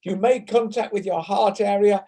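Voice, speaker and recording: A playful English man leads a laughter yoga class over a video call, joking about himself as he teaches. His voice sits fairly high for a man, and he shows each laugh sound out loud to his students. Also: steady tone, moderate pace. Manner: playful, self-mocking, demonstrating laugh sounds loudly. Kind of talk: online class instruction. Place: home room on a video call.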